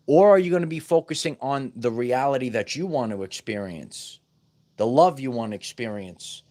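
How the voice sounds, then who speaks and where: Emphatic man teaching spiritual wellness. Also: medium pitch. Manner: emphatic, repeats words, many restarts. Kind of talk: casual spiritual teaching monologue.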